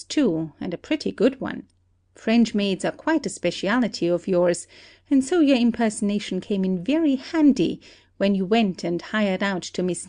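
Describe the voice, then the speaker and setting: A woman voicing a shrewd country detective who calmly lays out an accusation in a play reading. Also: mid-range voice. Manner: steady, deliberate accusing. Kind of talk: amateur audiobook play reading.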